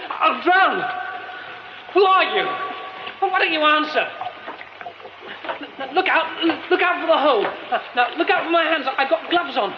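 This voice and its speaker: A flustered young theatre director who mutters to himself and speaks up in a bright, high voice that rises and falls a lot. It is a muffled radio play with clear background hiss. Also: male voice, sing-song, unhurried, long pauses. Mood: panicked. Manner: muttering to himself, then panicked. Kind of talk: radio drama acting.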